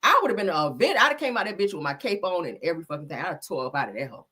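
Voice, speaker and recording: A woman hosting a casual commentary chat, talking loud and profane, laughing often as she tells stories. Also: on the low side, very animated, rapid-fire, slightly rough. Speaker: host.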